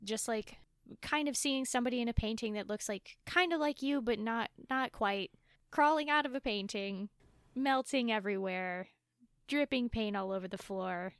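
A woman's voice: fairly high pitch, moderate pace, smooth, no room sound. Young-sounding woman, dry close sound. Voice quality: sounds younger than she is. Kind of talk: casual chat.

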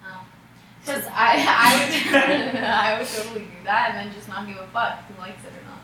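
A woman's voice: a little high, steady tone, moderate pace, pushed and bright, recorded from a distance. A young woman hosting a podcast, talking in a loose, playful way and swearing freely. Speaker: podcast host. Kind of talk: casual chat. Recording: echoey room from off-mic, noisy.

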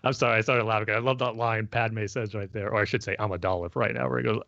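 Low male co-host, chatty and laughing, dry lo-fi recording. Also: steady tone, fast, gravelly, a bit bright, dry recording. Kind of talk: casual chat, watch-along commentary.

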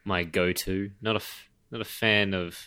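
A man's voice: low voice, steady tone, normal speed, sharp tone, smooth, no echo, clean studio sound. A man in a casual podcast chat, easygoing and self-deprecating, chuckling as he talks. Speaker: podcast guest, radio worker.

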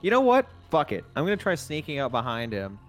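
A man's voice: medium pitch, wildly swooping pitch, fast talker, faint music behind. Young male player, goofy, middle voice. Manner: goofy, laughs often. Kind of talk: casual tabletop play.

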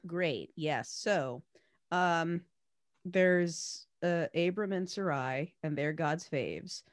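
A woman's voice: on the low side, very slow. A woman co-hosting a podcast in casual chat, retelling a story in irreverent slang with lots of fillers. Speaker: podcast co-host.

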